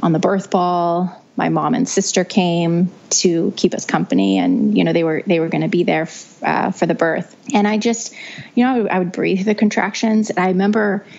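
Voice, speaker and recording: A woman's voice: fairly low pitch, moderate pace, vocal fry, darkish tone. A young woman telling her birth story as a podcast guest, in a chatty way with frequent restarts. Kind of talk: casual storytelling. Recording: dull lo-fi audio.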